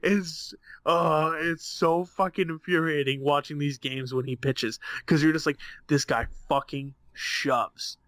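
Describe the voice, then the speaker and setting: A man's voice: on the high side, flat delivery, unhurried, hardly any pauses, a bit bright, no echo. A young man co-hosting a casual sports and gaming podcast, swearing often and sounding exasperated. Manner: profane, exasperated, mocking impressions. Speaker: podcast co-host.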